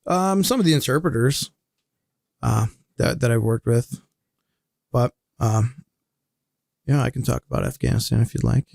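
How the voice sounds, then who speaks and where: A man's voice: medium pitch, moderate pace, creaky, long pauses, darkish tone, no room sound, clean studio sound. A man who is an army veteran, a podcast guest talking bluntly and casually and swearing freely. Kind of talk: casual chat. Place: podcast studio.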